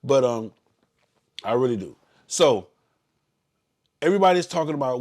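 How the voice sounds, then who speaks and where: Briefing riders before a motorcycle club ride on a casual live stream, a Southern US man talks fast with lively intonation, medium pitch, and frequent pauses. His manner is blunt and preachy, punctuated by occasional bursts of loud yelling.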